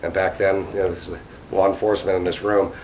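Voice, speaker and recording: A man's voice: low voice, level tone, fast talker, a little mellow, lo-fi sound, a little hiss or hum. A man, speaking at a conference and telling a rambling, casual story in which he acts out the dialogue. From New York. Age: 50s. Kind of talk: anecdotal storytelling talk. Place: conference hall. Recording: distant mic in a hall.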